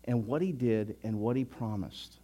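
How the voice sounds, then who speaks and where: Older guy pastor giving a sermon, tells stories, laughs, repeats words, gets loud in the funny bits. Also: mid-range voice, normal speed. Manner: storytelling with chuckles, animated and loud in anecdotes.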